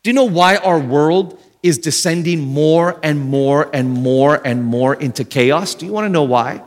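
Animated high-voiced man preaching a sermon. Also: measured pace. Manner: animated, with dramatic gasps and shouts. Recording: long reverb of a hall.

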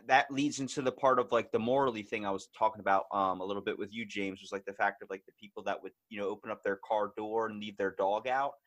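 A man hosting a casual podcast, talking in a loose and animated way. He swears freely and slips into put-on voices to act out his stories. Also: on the low side, fast. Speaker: podcast host.

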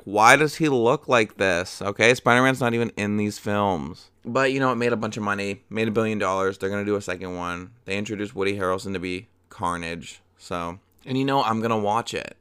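A man's voice: on the low side, a bit bright, smooth, dry recording, studio quality. A young man hosting a casual solo movie review podcast, chatty and profane, rambling with lots of fillers.

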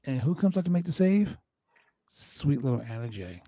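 A man hosting a casual wrestling recap show, talking in an animated, profane way and acting out quotes from the show. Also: mid-range voice, moderate pace, dry recording. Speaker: podcast host recapping wrestling.

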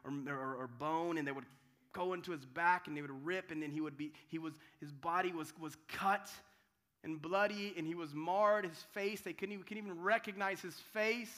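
A man preaching a sermon as pastor, dramatic, swinging from loud cries to hushed tones and often restarting his words. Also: fairly high pitch, moderate pace. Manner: restarts and repeats words while telling the story.

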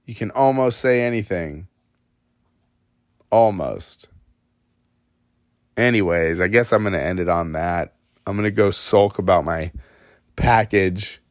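Slow, rambling, self-mocking podcast host man. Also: deep voice, dry recording, clean studio sound. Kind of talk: solo podcast rant.

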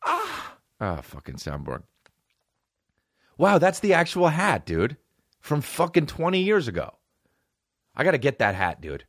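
A man's voice: a little high, wildly swooping pitch, unhurried, pauses often, a bit bright, dry recording, studio quality. A man in his forties hosting a solo comedy podcast, rambling through profane tangents and restarting his sentences. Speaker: podcast host.

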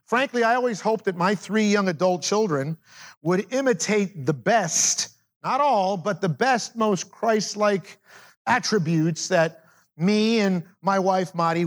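A middle-aged male pastor with a notably high voice delivers a sermon. He swings between ringing, emphatic declarations and low, confiding asides, talking straight to his congregation.

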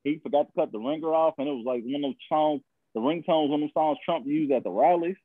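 A man's voice: a little high, fast talker. A man co-hosting a podcast, rambling in a laid-back, profane way. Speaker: podcast co-host. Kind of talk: casual opinionated chat. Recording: tinny phone-like line.

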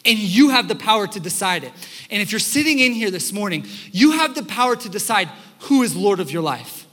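A young man preaches from a church stage, telling lively stories and slipping into the voices of the people he quotes. His voice sits high and sounds bright and forward. A long hall reverb trails behind each phrase. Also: fairly quick. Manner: animated storytelling, acts out quotes. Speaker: pastor. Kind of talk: sermon. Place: church sanctuary.

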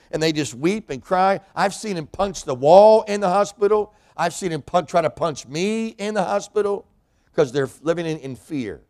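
A man's voice: sits high, normal speed, a little mellow. A man preaching a sermon in a church, a pastor and hospital chaplain who acts out the voices of people in scripture.

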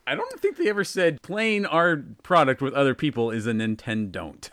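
A man co-hosting a podcast in casual chat, teasing his partner with quick jokes. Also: big pitch swings, fairly bright tone, no room sound. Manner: teasing, quick jokes, breaks into high laughs.

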